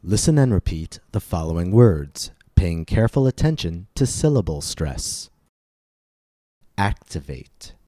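A man teaching English pronunciation in a scripted podcast lesson, speaking deliberately and stressing each syllable clearly. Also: deep voice, sing-song, mellow, no room sound, studio quality.

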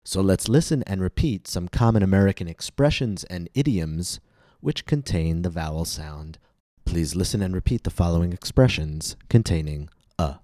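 A man with a very low, warm voice leads a pronunciation lesson. He speaks slowly and enunciates each word with care for learners to repeat. The sound is dry and close, with no room echo. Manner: slow, careful, clearly enunciated delivery. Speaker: pronunciation teacher and podcast host.

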